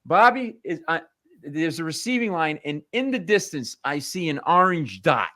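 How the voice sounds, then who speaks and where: A male comedian telling family stories on a talk show, animated and punchy, slipping into voices. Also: on the high side, normal speed, no room sound. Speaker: comedian guest. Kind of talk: comic storytelling.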